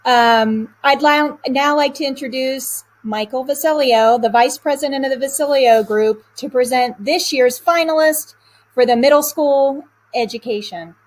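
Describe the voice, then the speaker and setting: A woman hosts a live awards webinar, introducing speakers in an upbeat, friendly manner. Her voice sits a little high. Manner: upbeat, drawn-out announcing. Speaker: awards ceremony host.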